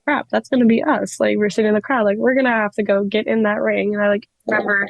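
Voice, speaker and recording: A young woman in her twenties, a wrestler telling stories in a casual interview, excitable and giggly with lots of fillers. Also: mid-range voice, fast, vocal fry, dry recording, low-quality recording. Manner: excitable, giggly, many likes. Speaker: wrestler, guest.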